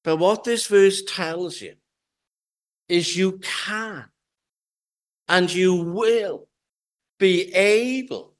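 A man preaching a sermon in a church, slow and measured, leaning on key words for emphasis. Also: high voice. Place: church with pews.

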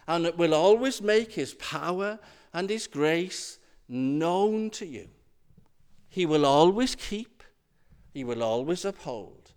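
A man's voice: high-pitched, clean tone. A man preaching a sermon in an earnest, emphatic way, driving points home through repetition. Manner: earnest, emphatic, repeating phrases for weight.

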